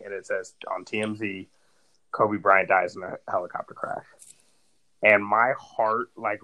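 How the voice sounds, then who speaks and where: Lowish-voiced man telling a story, rambling. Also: a bit bright, poor audio. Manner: rambling storytelling, heavy use of "like". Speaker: podcast co-host. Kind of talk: casual podcast chat.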